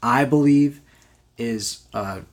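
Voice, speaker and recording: A man's voice: medium pitch, slow, heavy background noise. Man, podcast co-host, eager and rambling, casual film chat. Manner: enthusiastic, rambling with many restarts. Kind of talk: casual movie review chat.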